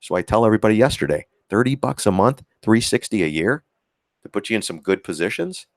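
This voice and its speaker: A man's voice: lowish voice, lively intonation, quick pace, no room sound, studio quality. A man hosting a trading livestream in casual, rambling chat, heavy on filler words and repeats. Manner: acts out quoted voices, chuckles often. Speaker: stock trading livestream host.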